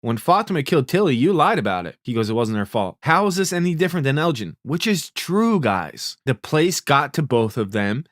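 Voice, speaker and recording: A man's voice: a little high, sing-song, brisk, hardly any pauses, fairly bright tone, no room sound, studio quality. A man casually recapping a TV series episode, laid-back and profane, loosely paraphrasing what the characters say. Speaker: TV recap host.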